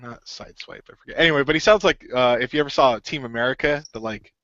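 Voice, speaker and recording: A man's voice: mid-range voice, quick pace, sharp tone, no echo, highs cut off. A man co-hosting a podcast in casual chat, rambling with lots of fillers. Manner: rambling, filler-heavy, full of "like". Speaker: podcast co-host.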